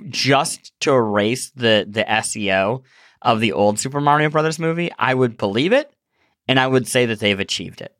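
A man with a sore throat hosting a casual podcast chat, animated and laughing, often restarting his sentences. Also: mid-range voice, moderate pace, dry recording, clean studio sound. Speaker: podcast host.

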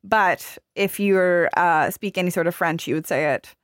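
A woman chatting casually on a podcast, enthusiastic and given to animated asides. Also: on the low side, moderate pace, dry recording, clean studio sound. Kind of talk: casual chat.

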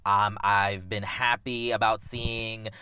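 A podcast guest speaking in casual conversation, thoughtful, earnest and measured. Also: mid-range voice, level tone, pushed and bright, clean tone, no room sound.

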